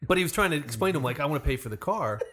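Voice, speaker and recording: A man's voice: fairly high pitch, animated, rapid-fire, fairly bright tone. A man in a casual group chat, eagerly prompting a friend's story and jumping in.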